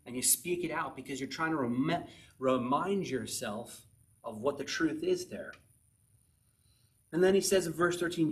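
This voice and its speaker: A man's voice: fairly high pitch, a little slow. A man preaching a sermon in a conversational way, often asking the listeners questions.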